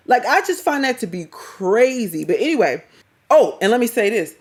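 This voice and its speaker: A woman's voice: a little high, sing-song, normal speed. A middle-aged woman, giving blunt, slangy, scolding reaction commentary as a vlogger.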